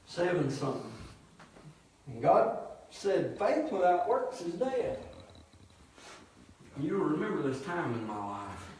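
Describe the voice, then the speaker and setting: A pastor preaching, telling a story with loud emphatic shouts and low, quiet asides. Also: male voice, very animated, slow pace, pauses often. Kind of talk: sermon storytelling. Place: church. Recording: echoey church hall from far off.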